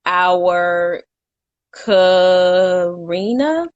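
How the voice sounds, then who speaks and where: A woman's voice: lowish voice, drawn-out words, highs cut off. A woman co-hosting a casual talk show, telling a long story in a chatty way and stopping to correct her own slips with a laugh. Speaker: co-host.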